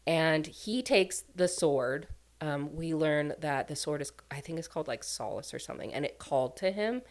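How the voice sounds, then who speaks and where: A woman's voice: sits low, animated, moderate pace. A woman casually recapping a book plot as a reviewer, chatty and full of "like" and "um" fillers. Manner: chatty, filler-heavy, lots of "like" and "um".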